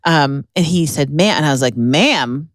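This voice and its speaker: A woman in her forties co-hosting a podcast, telling stories in a lively, laughing way. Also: low voice, brisk, dry recording, studio quality. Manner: animated, laughing storyteller. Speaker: podcast host. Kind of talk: casual chat.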